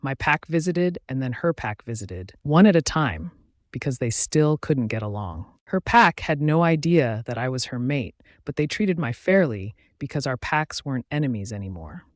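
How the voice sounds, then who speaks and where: A man narrating a first-person audiobook in a steady, even reading voice. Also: mid-range voice, normal speed, no room sound, studio quality.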